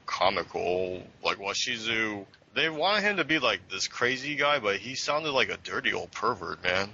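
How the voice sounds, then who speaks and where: A man's voice: fairly low pitch, sing-song, moderate pace, bright, forceful tone. A man in a casual review chat, talking hesitantly with many fillers. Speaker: podcast co-host. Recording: dull lo-fi audio with faint noise.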